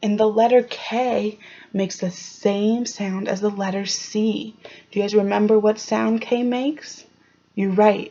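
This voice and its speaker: A young woman teacher leads a slow, careful phonics lesson, drawing out each letter sound. She checks in with the children, praising them as she goes. The recording of her online class is a little dull. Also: medium pitch, steady tone, gravelly, darkish tone. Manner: sounds out letters, frequent encouraging questions. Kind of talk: slow, clear early-grade phonics lesson. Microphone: home recording for online class.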